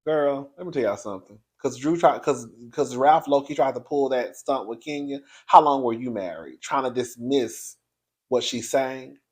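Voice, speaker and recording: A man hosting his own video show, giving a blunt, profane, animated commentary straight to his viewers. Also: medium pitch, normal speed, husky. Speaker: online show host reviewing reality TV.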